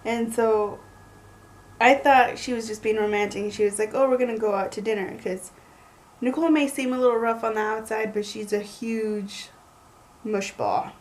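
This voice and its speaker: A young woman telling a story in a chatty, animated way, full of likes. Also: a little high, moderate pace, low-quality recording. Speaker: vlogger. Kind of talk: casual storytelling.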